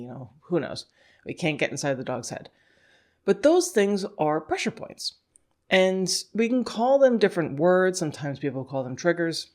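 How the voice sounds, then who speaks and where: A woman with a low, slightly mellow voice hosts a dog-training podcast as a scent work instructor. She talks casually, thinking aloud with "you know" and "like," and laughs often while acting out a dog's thoughts in little quoted voices.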